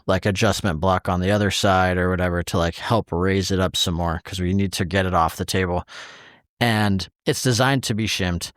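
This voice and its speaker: A man's voice: fairly low pitch, smooth, no echo, studio quality. A man co-hosting a podcast in casual chat, telling an exasperated story with heavy swearing and acting out the quoted exchanges. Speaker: podcast co-host.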